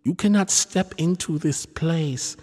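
A man voicing an older temple elder, speaking in a hushed, reproachful tone. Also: a little high, slow pace, slightly rough, voice pushed up.

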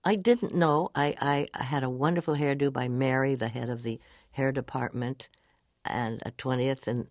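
A woman's voice: rumbling low, darkish tone, dry recording, studio quality. An older woman as an interview guest, telling anecdotes animatedly, laughing often and acting out whispered lines.

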